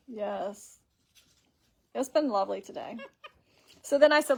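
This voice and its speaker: A woman's voice: medium pitch, lively intonation, unhurried, gravelly, long pauses, breathy edge. Chatty woman rambling on a live stream. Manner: rambling, chatty, reads viewer comments aloud. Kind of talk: casual live stream chat.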